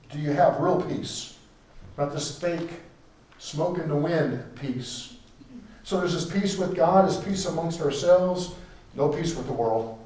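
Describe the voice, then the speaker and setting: Guy preaching a sermon, kinda high voice, super echoey room, mic far away, repeats stuff for emphasis. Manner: emphatic, repeats key phrases for stress; switches between loud declarations and quiet asides. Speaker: pastor.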